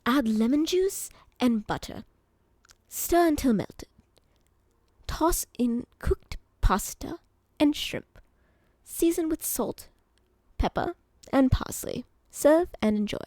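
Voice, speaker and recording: A woman voicing a cheerful British male bartender bot, reading out its replies in a deliberately bad put-on British accent. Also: high voice, animated, dark tone, dry recording, voice pushed up. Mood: chipper. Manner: upbeat, genial, reading out steps. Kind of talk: reading a chatbot reply in character.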